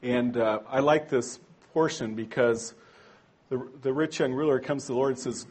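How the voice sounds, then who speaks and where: Husky-voiced man teaching a church class. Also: medium pitch, normal speed, darkish tone. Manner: conversational, rhetorical asides; corrects himself aloud. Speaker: Bible teacher. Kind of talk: church training talk.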